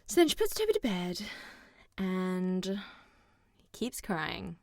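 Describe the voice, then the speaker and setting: A woman's voice: lowish voice, takes it slowly, vocal fry, no room sound, studio quality. A young woman co-hosting a podcast, chatting casually and animatedly about a film, acting out scenes and swearing now and then. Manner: animated, swears, dramatic retellings. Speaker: podcast co-host.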